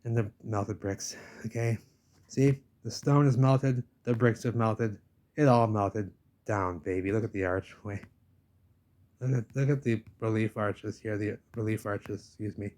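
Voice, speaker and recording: A man's voice: lowish voice, fairly even intonation, measured pace, a little mellow. An insistent, ranting man speaks to the camera while walking through an old village outdoors. His casual vlog monologue circles back on itself, hammering the same points again and again. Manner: ranting, insistent, talks at the camera with repeated "baby". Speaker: vlogger filming a village walk.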